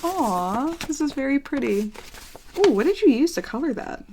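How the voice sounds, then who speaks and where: A young woman hosting her channel, reading fan mail aloud in a casual, affectionate way and now and then dropping into soft whispers. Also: sits high, very animated, normal speed, slight background noise. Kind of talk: casual vlog chat, reading letters aloud.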